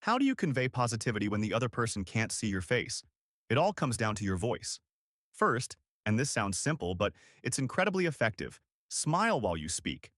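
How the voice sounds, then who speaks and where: A male instructor narrates a scripted lesson with clear, deliberate articulation. His pitch swings widely and expressively. The sound is close and dry, with no room around it. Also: very animated, fairly bright tone, no echo. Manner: clear, deliberate coaching delivery.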